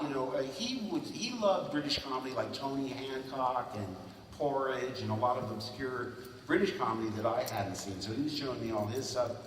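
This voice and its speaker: Recorded from afar in a big, echoing convention hall, this sixty-something man spins stories as a panel guest at a fan convention. His voice is mid-range and lively, slipping into rapid character impressions, with a little hiss or hum underneath.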